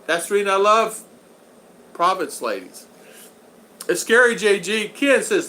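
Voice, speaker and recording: A man hosts a laid-back live stream, thanking viewers and reading their comments aloud. His voice sits a little high and has a bright, forward edge. He halts and repeats himself often. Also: very animated, a little hiss or hum. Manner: halting, repeats words, many thank-yous.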